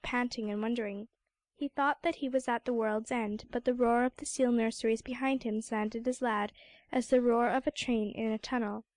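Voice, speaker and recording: Casting: woman audiobook narrator, fairly high voice, dry close mic, measured storytelling. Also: no echo. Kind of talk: scripted narration.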